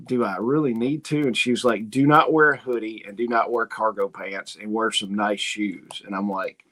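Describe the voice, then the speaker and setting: A man's voice: on the low side, steady tone, normal speed, a bit bright. Folksy rambling male homestead host. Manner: rambling, folksy storytelling with quoted asides. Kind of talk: casual livestream chat reading comments.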